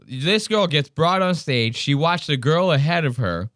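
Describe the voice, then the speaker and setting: A man hosting a podcast who rips into clips with crude, mocking commentary. His voice is lively, swinging up and down in pitch, smooth and clean. It is close on the mic, in a dry room. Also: unhurried, dry recording. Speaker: podcast host.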